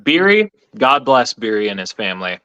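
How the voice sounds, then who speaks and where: A man co-hosting a casual live chat, telling stories in an animated, profane way with lots of laughter. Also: medium pitch, moderate pace, clear, resonant tone, no room sound, lo-fi sound. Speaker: co-host.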